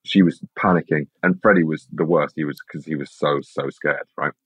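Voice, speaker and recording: A young British man, an actor, chatting casually in an interview, telling rambling, animated stories with lots of restarts. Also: rumbling low, moderate pace, slightly rough, no echo. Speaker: actor guest. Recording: slightly dull lo-fi sound.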